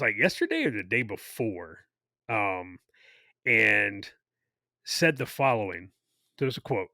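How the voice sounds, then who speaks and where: A man's voice: on the low side, sharp tone, no echo, clean studio sound. A man, an army veteran, co-hosting a casual podcast and rambling through his points with many fillers and restarts. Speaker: podcast co-host.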